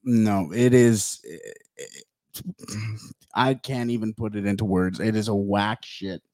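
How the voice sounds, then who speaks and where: A man's voice: on the low side, takes it slowly, darkish tone, dry recording. Playful man co-hosting a podcast. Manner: laughs a lot, playful. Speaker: podcast co-host. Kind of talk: casual chat.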